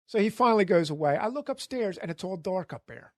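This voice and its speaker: High-voiced man telling an animated story. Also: fast, no room sound, studio quality. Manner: animated, acts out the people in his story, laughs often. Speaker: podcast guest. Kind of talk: casual storytelling.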